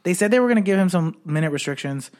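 A man's voice: high voice, lively intonation, racing, darkish tone. A man co-hosting a podcast, chatting casually and loosely about basketball, swearing and saying "like" and "dude" a lot. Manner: loose, profane, lots of "like" and "dude". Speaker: podcast co-host.

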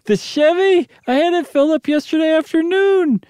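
Guy doing a scared confused housewife in a shaky high falsetto, story reading. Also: normal speed, a little mellow, no room sound, clean studio sound. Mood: alarmed. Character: frightened bewildered housewife, adult woman.

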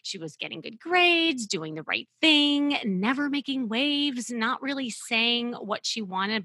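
A middle-aged woman hosts a podcast with a bright, forward tone and a slightly higher pitch. Her voice has a husky, breathy edge, and the sound is dry and close. She tells stories in an animated, emphatic way. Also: no echo. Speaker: podcast host and dating coach. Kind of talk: storytelling podcast monologue.

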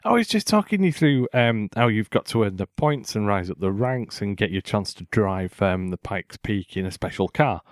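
A man's voice: on the low side, expressive, moderate pace, few pauses, no room sound, clean studio sound. A man hosting a casual gaming podcast, chatty and opinionated, laughing often. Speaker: podcast host.

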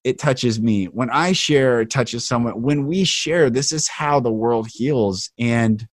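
A man's voice: medium pitch, takes it slowly, no echo, clean studio sound. A man hosting an interview podcast, talking in an earnest, emotional, heartfelt way. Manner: earnest, emotional, speaks passionately. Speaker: podcast host.

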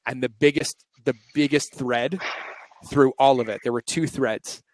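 A man's voice: mid-range voice, steady tone, unhurried, poor audio. Man with a shaky, near-tearful voice. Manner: open, reflective, confessional. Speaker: podcast host. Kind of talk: candid emotional conversation.

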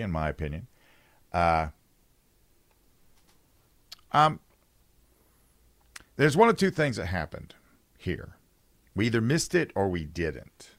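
Man, radio talk host, opinionated, conversational, low lively voice, dry studio. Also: slow, pauses often, dry recording. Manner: opinionated, conversational, reads listener texts aloud. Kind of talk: political talk radio monologue.

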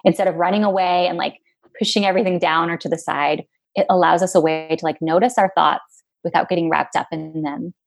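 A woman's voice: lowish voice, fairly even intonation, a little fast, creaky. A woman guest in an interview, talking in a reflective, casual way with many fillers.

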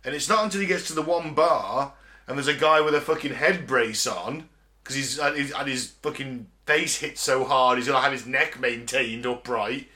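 A man's voice: mid-range voice, moderate pace, sharp tone. A man, co-hosting a podcast and retelling film scenes in a rambling, sweary way with laughs. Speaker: podcast co-host. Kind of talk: casual chat recapping a film.

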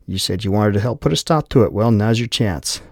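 A man's voice: lowish voice, animated, brisk, creaky, dry recording, studio quality. A man voicing a tough male operative who threatens in clipped, blunt phrases. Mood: menacing.

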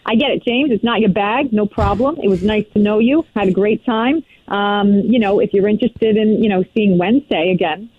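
A woman's voice: mid-range voice, fairly quick, hardly any pauses, no room sound. A woman on a phone-in call lays on a thick put-on New York accent, brash and breezy, with plenty of fillers. Her voice comes through a tinny, narrow phone line, dry with no room sound. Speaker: caller. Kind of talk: phone-in radio chat.

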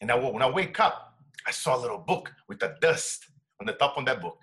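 Bright-voiced man telling his story. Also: medium pitch, animated, a little fast. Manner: emotional, drops to a hushed voice when quoting his wife. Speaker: interview guest. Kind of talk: personal storytelling.

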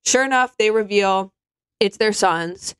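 A woman's voice: medium pitch, a little slow, fairly bright tone, smooth, dry recording. A woman chatting casually as a podcast co-host, sarcastic, acting out the people she quotes in mocking voices. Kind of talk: casual comedic chat.

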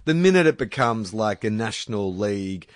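A man's voice: lowish voice, normal speed, no room sound, studio quality. A man with an Australian accent co-hosting a casual sports chat, ranting with frequent swearing. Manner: swears freely, animated rants. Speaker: podcast co-host.

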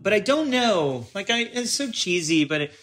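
A man's voice: high voice, very animated, moderate pace, a bit bright. A man from Los Angeles, a film director guest, chatting in a rambling, hesitant way with lots of restarts. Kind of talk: casual interview chat.

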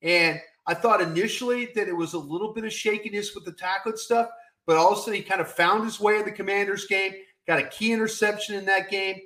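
A high-pitched man talks sports with a folksy, emphatic delivery. His voice carries a roomy echo around it. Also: fairly even intonation, fast, bright, forceful tone. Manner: emphatic, folksy, repeats "I'll tell you what". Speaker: co-host. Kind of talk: casual sports talk.

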